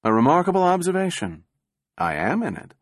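A man voicing a calm, unruffled male prosecutor who speaks evenly and with dry irony. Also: a little high, fairly quick, no room sound, voice pushed up. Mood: cool. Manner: even, indifferent, dryly ironic.

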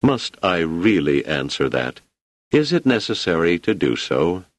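A man reading an audiobook voices a composed robot posing as a male statesman, speaking in a measured, matter-of-fact way. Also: low-pitched, very animated, no echo, exaggerated voice. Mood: wry.

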